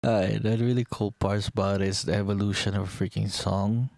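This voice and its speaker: A man's voice: on the low side, little pitch movement, a little fast, creaky, darkish tone, no room sound. A young man rambling in casual chat, enthusiastic and swearing casually as he talks about a TV series. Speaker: vlogger.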